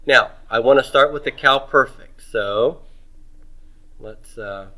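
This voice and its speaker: A middle-aged man leads a grammar lesson in a bright, forceful voice. He asks questions, pauses, and answers them himself, stretching out words as he spells them. His pitch sits in a middle range. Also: low-quality recording. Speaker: Hebrew grammar teacher. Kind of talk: homework review lecture.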